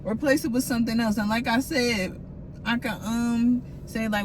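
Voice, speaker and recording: A woman's voice: a little high, steady tone, normal speed, noisy background. A woman hosting a solo podcast, telling stories in loose slang and laughing often. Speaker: podcast host. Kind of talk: casual solo podcast talk.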